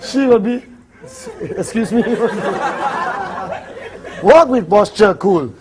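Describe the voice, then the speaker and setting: A man with a Malaysian English accent training a seminar audience on prospecting, talking in an animated, joking way and acting out small dialogues. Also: high voice, extremely slow, a crowd in the background, background noise. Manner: animated, jokey, acts out little dialogues. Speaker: network marketing trainer. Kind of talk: live seminar talk.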